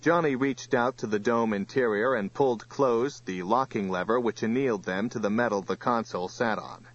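A man narrates a novel in a steady, even storytelling voice at a middle pitch. The recording is a little dull and lo-fi, lacking the top end. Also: normal speed. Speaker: audiobook narrator. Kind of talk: scripted narration.

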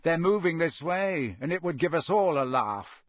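A man voicing a sneering, mocking teenage boy who drawls his lines slowly. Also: a little high, animated, no echo, clean studio sound, pitched above the performer's own voice, natural voice. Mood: drawling sneer.

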